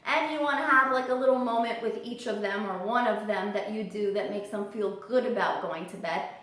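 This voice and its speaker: A woman giving casual parrot-care tips in a vlog, chatty and animated, now and then squealing high to mimic her birds. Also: fairly quick, far from the mic. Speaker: parrot vlogger. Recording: roomy echo, voice from off the mic.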